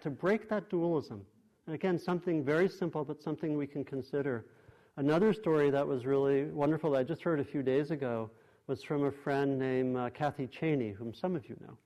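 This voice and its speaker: A meditation teacher gives a dharma talk to a group in a meditation hall, his voice on the high side with a darkish tone. He speaks thoughtfully and unhurriedly, pausing and restarting often.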